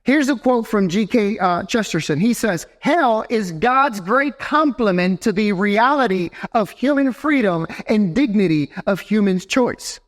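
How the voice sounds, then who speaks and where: Animated high-voiced male preacher. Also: measured pace, hardly any pauses. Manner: animated preaching, talks straight to the congregation with frequent "right?". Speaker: pastor. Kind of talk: sermon. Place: church sanctuary.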